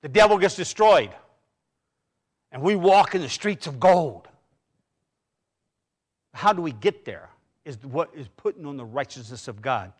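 A man's voice: a little high, expressive, unhurried, pauses often, slightly rough. A middle-aged man preaching a sermon in a church, talking conversationally with personal stories and frequent restarts. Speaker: pastor. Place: church sanctuary.

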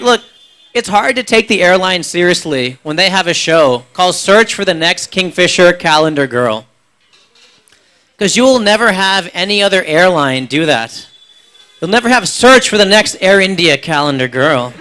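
Bright-voiced stand-up comedian. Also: male voice, high-pitched. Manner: quick, chatty, ribbing the audience with tag questions. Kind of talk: live stand-up with crowd work. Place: cafe.

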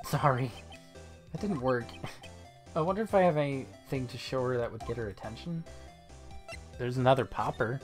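A man's voice: medium pitch, lively intonation, normal speed, pauses often, faint music behind. A man streaming a game, casually joking and reading its dialogue aloud with frequent laughter.

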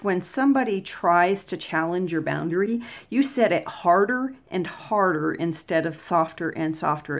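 A woman hosting a vlog, giving advice in a casual, conversational way. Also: fairly low pitch. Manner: conversational, plain-spoken, acts out examples. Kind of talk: casual explanatory talk.

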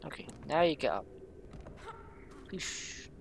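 A man playing a video game and commenting casually, swearing often and shouting at the characters on screen when they mess up. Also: on the high side, sing-song, slow, creaky, slight background noise. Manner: swears a lot, yells at the game. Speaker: let's play gamer.

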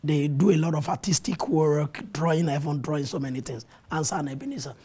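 Pastor guy on a tv interview, dark mellow voice, really husky, quotes scripture earnestly. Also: fairly high pitch, brisk. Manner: earnest preacher quoting scripture, animated retelling. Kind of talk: testimony in a TV interview. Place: TV studio.

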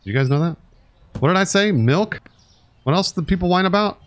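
A man's voice: high-pitched, animated, a little fast. A man casually commenting on a live-stream of a store game, grumbling sarcastically, swearing often and talking to his chat and to the customers. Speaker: streamer playing a store sim.

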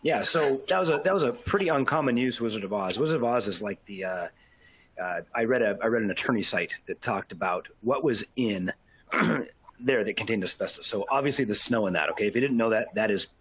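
Husky man explaining asbestos hazards. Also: on the low side, dry recording. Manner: explains and warns the audience, many "okay?" checks. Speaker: asbestos safety presenter. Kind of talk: casual presentation.

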